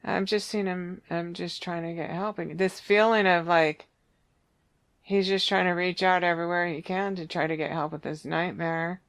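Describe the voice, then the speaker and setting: A psychic medium giving a reading, describing visions in a halting, searching way full of restarts. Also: mid-range voice, fairly even intonation, a bit bright, smooth.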